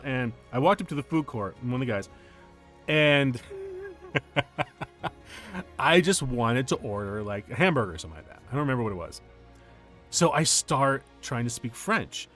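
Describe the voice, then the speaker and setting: A man's voice: mid-range voice, lively intonation, normal speed, fairly bright tone, soft background music. A man in his forties chatting casually on stream, rambling through a story and cutting himself off often. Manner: rambling, self-interrupting storyteller. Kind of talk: casual chat.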